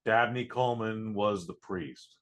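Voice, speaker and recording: A man with a low-pitched voice co-hosting a podcast in relaxed, casual chat. He is chatty, agrees readily and jumps in to set the facts straight. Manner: chatty, quick to agree, breaks in with corrections. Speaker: podcast co-host.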